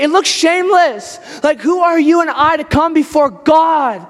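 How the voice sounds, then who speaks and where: A man's voice: very high-pitched, expressive, a little slow, hardly any pauses. A man preaching a sermon in a casual, conversational way, acting out quoted lines as he goes. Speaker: pastor. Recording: long hall reverb.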